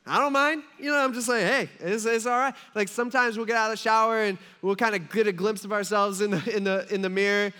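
Bright-voiced joking male pastor. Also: high voice, steady tone, fast talker, hardly any pauses, smooth. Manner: casual, joking storytelling with asides. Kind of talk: sermon.

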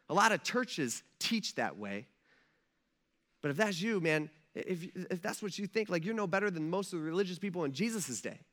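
A man preaching with a high, bright voice. He talks casually and animatedly, peppering his points with "like" and "man". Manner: conversational, animated, full of "like" and "man". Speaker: pastor. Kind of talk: sermon.

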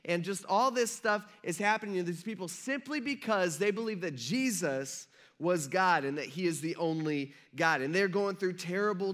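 Young guy preaching casually, high-ish voice, acts out people's lines as he goes. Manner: conversational, animated, acts out the people he describes. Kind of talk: casual sermon.

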